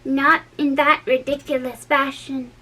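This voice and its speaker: A woman's voice: high-pitched, flat delivery, unhurried, pushed and bright, pitched above the performer's own voice. A woman voicing a sulky, sleepy male dormouse in a read-aloud storybook, speaking primly. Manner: sulky, prim.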